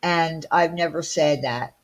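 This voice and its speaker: A woman's voice: low voice, a little slow, poor audio. A woman from Long Island, hosting a casual livestream and ranting bluntly with rhetorical questions. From Long Island, New York. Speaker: livestream host.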